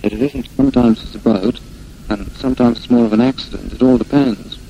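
A man's voice: mid-range voice, a little fast, vocal fry, dark tone, lo-fi sound, a little hiss or hum, lightly acted. A man doing the growly voice of a simple, proud, good-natured little bear in a storybook reading.

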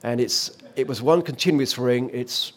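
In a mid-range voice at a moderate pace, a man recalls his days as an offshore radio presenter through a vivid conversational story. He frequently uses fillers and restarts his sentences.

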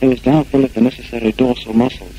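A man's voice: medium pitch, fairly even intonation, fast talker, dark tone, slight background noise, natural voice, low-quality recording. A man voicing a pompous old owl in a storybook reading, speaking in a long-winded, formal way. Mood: solemn. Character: pompous old owl, fond of big words.

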